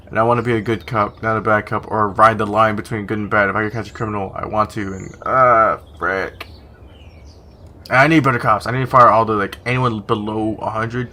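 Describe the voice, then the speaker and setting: A man's voice: on the low side, bright, forceful tone. A man casually commenting on a video game, reading its text aloud and adding profane, sarcastic remarks. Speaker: gaming YouTuber.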